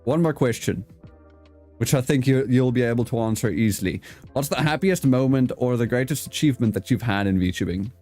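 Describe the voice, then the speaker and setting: A man's voice: medium pitch, expressive, a little fast, a little mellow, faint music behind. A man hosting a casual video-call interview, with an accent mixing British and South African English, rambling, swearing casually and laughing often. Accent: mix of British and South African English. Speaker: host.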